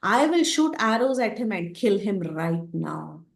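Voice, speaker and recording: A woman's voice: medium pitch, sing-song, measured pace, gravelly, reverberant. A woman voicing a fierce, loyal young male warrior who speaks firmly and with determination. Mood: determined.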